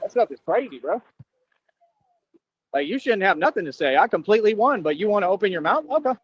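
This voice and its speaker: High-voiced man ranting, lo-fi. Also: very animated, fairly quick, slightly rough, dry recording. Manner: boastful, confrontational, repetitive taunting. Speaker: streamer. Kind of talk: ranting monologue. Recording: dull lo-fi sound.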